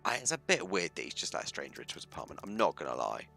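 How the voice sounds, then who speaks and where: Man, low pitch, bright tone, self-mocking livestream chat, faint music behind. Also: wildly swooping pitch, very fast, creaky. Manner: self-mocking, chatty asides between read-out lines. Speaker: streamer. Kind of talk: reading a game aloud on a livestream.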